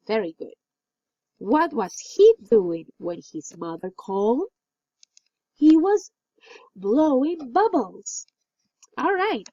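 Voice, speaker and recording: A woman teaching an English lesson, reading exercises slowly and clearly and praising answers. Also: a little high, dark tone, no room sound. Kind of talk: recorded classroom lesson. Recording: dull, lo-fi dry recording.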